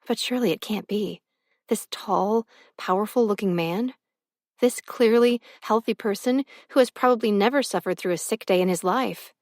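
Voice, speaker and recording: A woman reading a first-person novel as an audiobook narrator, expressive and close to the mic. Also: medium pitch, moderate pace, no room sound.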